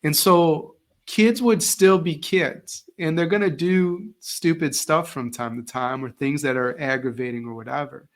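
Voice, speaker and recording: Animated storytelling man, slightly high voice. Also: unhurried, few pauses. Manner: animated, acts out quoted voices. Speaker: guest, former teacher. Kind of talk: casual interview storytelling.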